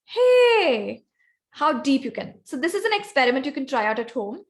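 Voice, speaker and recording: High-sitting, sing-song and fast, a woman's voice leads an instructive video-call presentation on voice technique. She's the guest speaker on vocal variety at an online club meeting and calls on members by name.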